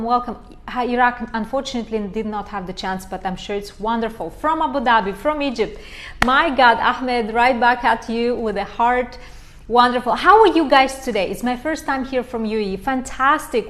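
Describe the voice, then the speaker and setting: A woman life coach from Romania, hosting a livestream chat and reading out viewer comments in an effusive, enthusiastic way. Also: fairly high pitch. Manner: effusive, warmly enthusiastic, repeats praise words.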